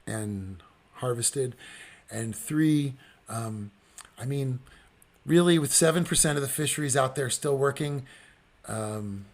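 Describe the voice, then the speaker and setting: A man hosting a podcast in casual livestream talk, answering listeners and making earnest, rallying appeals with many ums and restarts. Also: mid-range voice. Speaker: podcast host.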